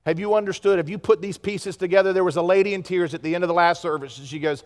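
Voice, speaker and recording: A pastor preaching a sermon to his congregation, with pleas that swing from loud urgency to hushed earnestness. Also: high voice, steady tone, fast talker, few pauses, in a large hall. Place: church sanctuary.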